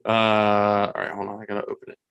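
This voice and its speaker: A man's voice: on the low side, completely flat delivery, a little fast, a bit bright, smooth, no room sound, highs cut off. A man co-hosting a podcast, chatting casually while distracted, hunting for something on his computer. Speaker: podcast co-host. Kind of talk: casual chat.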